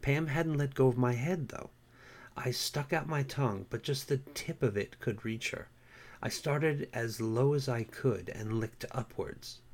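A man reading his own story aloud, relaxed and wry. His voice sits at an average pitch and he talks in a chatty, easy way. He moves from friendly patter into steady narration. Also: a little slow. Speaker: self-published author reading his story. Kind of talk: casual intro, then story narration.

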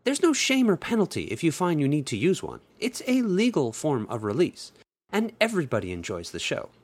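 A man's voice: on the high side, wildly swooping pitch, a little fast, a little mellow, pitched above the performer's own voice, full character voice. A man voicing a flirty, confident woman guide in an adult audiobook, speaking in a teasing, coaxing way. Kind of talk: erotic audiobook role reading.

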